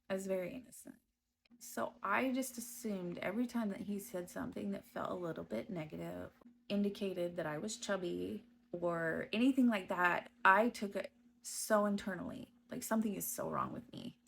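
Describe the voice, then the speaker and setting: A woman giving a personal testimony about her past, speaking slowly and hesitantly with frequent pauses and restarts. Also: fairly low pitch, gravelly. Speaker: storyteller recounting her past.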